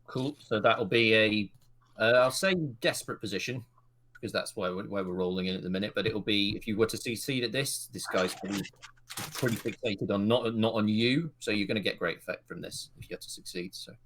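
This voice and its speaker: Gm, lowish voice, narrating the scene, a few um-s. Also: male voice, brisk. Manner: relaxed, descriptive narration with hesitations. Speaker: game master. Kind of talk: narrating a tabletop game.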